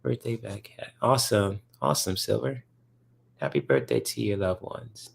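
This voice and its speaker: Gravelly-voiced man chatting casually on a livestream. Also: on the low side, animated, normal speed. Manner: rambling, filler-heavy, enthusiastic about comics. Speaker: livestream host answering chat.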